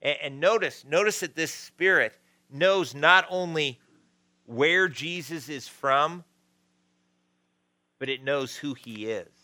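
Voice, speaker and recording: A man's voice: on the high side, slow, pauses often, pushed and bright, no room sound. A man preaching a sermon as pastor, conversational, with frequent restarts and asides.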